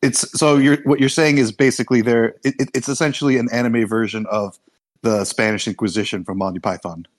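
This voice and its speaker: A man co-hosting a podcast in casual chat. He stumbles and restarts his sentences often. His voice sits at an ordinary middle pitch. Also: steady tone, a little fast. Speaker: podcast co-host.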